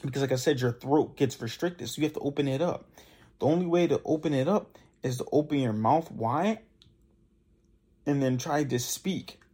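A man's voice: on the high side, moderate pace, mellow, slightly rough. A young man hosting a podcast, giving casual voice tips in a loose, conversational way and demonstrating the exercises himself. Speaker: podcast host. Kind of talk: casual instructional talk.

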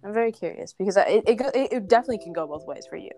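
A teenage girl co-hosting a casual chat, talking fast and loosely with lots of "like" and acted-out quotes. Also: medium pitch, vocal fry. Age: teens. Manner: chatty, heavy use of "like", animated quoting. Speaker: co-host.

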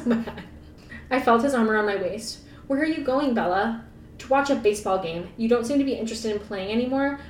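Faint rumble and echo fill the recording as a woman podcast co-host, far from the mic, reads a novel aloud. She keeps pausing for playful jokes, laughter, and sarcastic asides.

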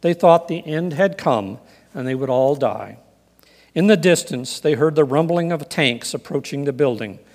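A man preaching a sermon in an earnest, measured way, reading scripture and telling stories. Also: on the high side, lively intonation, darkish tone, big-room sound. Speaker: pastor.

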